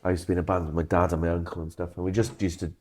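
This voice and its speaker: Very deep, mellow-voiced man telling a story. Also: little pitch movement, racing. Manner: storytelling, self-deprecating. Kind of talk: casual chat.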